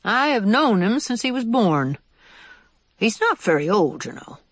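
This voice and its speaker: A reader voicing an old male white mouse with a limp, cordial and measured in how he speaks. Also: medium pitch, sing-song, a bit bright, slightly rough, no room sound, clean studio sound, pitched above the performer's own voice, exaggerated voice. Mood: reassuring.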